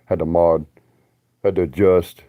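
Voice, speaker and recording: A man's voice: deep voice, little pitch movement, a little slow, no room sound, phone-quality sound. A man, rambling bluntly and profanely on a livestream.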